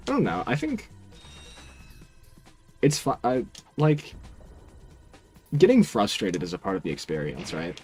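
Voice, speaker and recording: A man's voice: medium pitch, huge pitch swings, measured pace, pauses often, darkish tone, breathy edge, soft background music. A man streaming a video game, chatting casually with his viewers in a laid-back, dry, teasing way. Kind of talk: casual stream chat while gaming.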